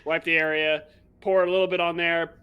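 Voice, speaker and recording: A man's voice: fairly high pitch, little pitch movement, brisk, smooth, highs cut off. A man playing a tabletop game, rambling through his character's actions with many fillers. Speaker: player. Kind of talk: casual tabletop play.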